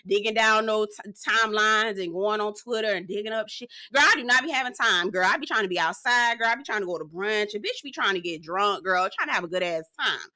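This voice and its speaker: A woman's voice: medium pitch, fairly quick, hardly any pauses, pushed and bright. A woman giving a sassy, blunt, profane casual recap of a reality show, calling her viewers girl. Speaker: reality TV reviewer.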